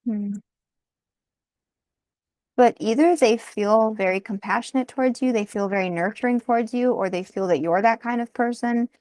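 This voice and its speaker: A woman's voice: on the high side, moderate pace, a little mellow, no echo. A woman doing a casual tarot card reading, thinking aloud, often breaking into laughter and apologizing. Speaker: tarot reader.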